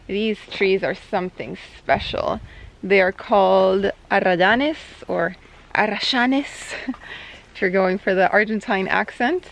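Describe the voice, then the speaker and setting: A woman's voice: mid-range voice, gravelly. A young woman hosting a travel vlog, chatting casually and playfully as she explains her trip outdoors. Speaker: travel vlogger. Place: outdoors at a lake park.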